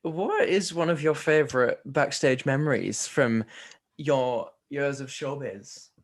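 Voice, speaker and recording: A British man hosts a relaxed, jokey conversation, putting questions to his guest and teasing him along the way. His voice sits at an ordinary middle pitch. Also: slow. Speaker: host. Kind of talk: casual chat.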